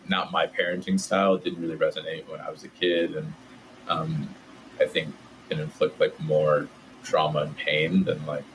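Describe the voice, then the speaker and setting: Casting: low-voiced man, loose chatty storyteller, faint hiss behind. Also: rough recording. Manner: relaxed, many "like" fillers. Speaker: podcast guest. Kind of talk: casual storytelling.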